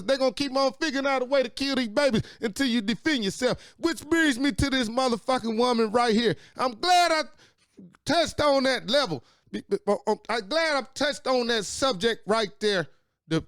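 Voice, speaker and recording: Angry high-voiced man ranting. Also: a bit bright, dry recording, clean studio sound. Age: late 40s. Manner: angry, profane, preachy. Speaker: talk show host. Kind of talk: impassioned monologue.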